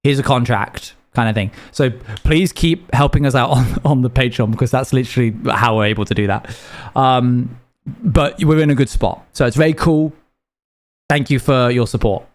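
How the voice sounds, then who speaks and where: A British man from the UK rambles casually on a live stream, reading chat messages aloud and replying to them. His voice sits in the mid range and he talks at a moderate pace.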